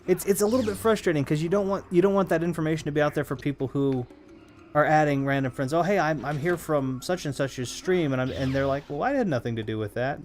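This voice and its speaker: A man's voice: a little high, quick pace, slight background noise. A man casually chatting to viewers while he plays a video game, rambling and humming between remarks. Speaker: streamer playing a video game. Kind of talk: casual live-stream commentary.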